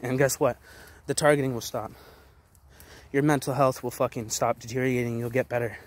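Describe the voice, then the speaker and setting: A man in his twenties rants straight to the camera from a forest, his pitch sitting at an ordinary middle level. He swears constantly and fires off short, hard declarations in a confrontational, aggressive way. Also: fairly even intonation. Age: 20s. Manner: aggressive, heavy swearing, rapid-fire declarations. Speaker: vlogger. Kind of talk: angry profane rant to camera. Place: outdoors in a forest.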